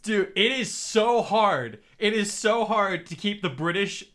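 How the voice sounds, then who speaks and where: Man, New Mexican accent, animated, bright voice, slightly high, podcast chat. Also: measured pace. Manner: animated, laughs often, tries accents. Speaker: podcast host and writer. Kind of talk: casual chat.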